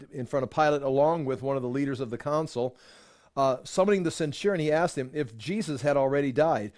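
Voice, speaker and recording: A man's voice: mid-range voice, darkish tone. A man teaching from the Bible, reading the passage aloud and stopping often to add plain explanations. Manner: reads aloud then adds plain asides. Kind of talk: scripture reading with commentary.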